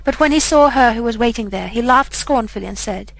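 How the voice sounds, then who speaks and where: A woman's voice: fairly high pitch, gravelly, low-quality recording. Woman reading a fairy tale aloud. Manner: even, measured reading of old-fashioned prose. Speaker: audiobook reader. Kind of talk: scripted storybook narration.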